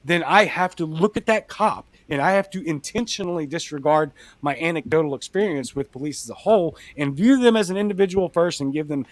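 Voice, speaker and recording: A young man with a Cajun accent, a podcast guest telling a personal story in blunt, animated casual talk. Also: a little high, a little fast, few pauses, no room sound. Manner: blunt, animated retelling with acted-out quotes.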